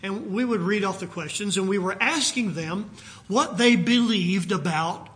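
An older American man preaching a sermon, reciting scripture with emphatic rises and telling a story with frequent pauses and fillers. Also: high voice, a bit bright. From United States.

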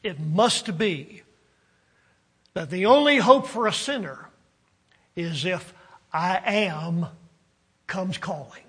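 Slow, emphatic male preacher. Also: high voice, expressive, fairly bright tone, breathy edge. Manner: slow, deliberate preaching with rising emphasis and trailing drops; halting restarts with frequent uh's. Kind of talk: sermon.

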